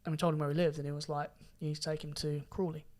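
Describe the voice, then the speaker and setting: A young man telling his story in a casual podcast chat, animated and swearing now and then. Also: fairly high pitch, very fast. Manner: animated, rising loud when excited, swears casually. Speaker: podcast guest karate champion.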